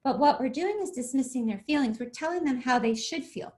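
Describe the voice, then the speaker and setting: A woman's voice: sits high, expressive, a little fast, darkish tone. A woman coaching parents on how to respond to their children. She often checks in with her listeners by asking "okay?" and "right?", and acts out both parent and child. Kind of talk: explanatory talk on parenting.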